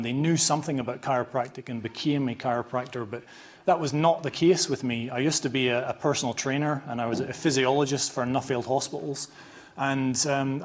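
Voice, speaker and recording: A man with a scratchy voice and a Northern Irish accent, giving an informal, self-deprecating conference lecture in a hall, restarting his sentences often. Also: mid-range voice. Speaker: conference speaker, chiropractor.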